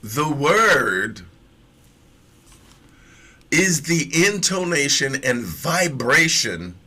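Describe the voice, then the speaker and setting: A man teaching a sermon slowly and emphatically, repeating phrases to press each point. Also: a little high, big pitch swings, pushed and bright, breathy edge.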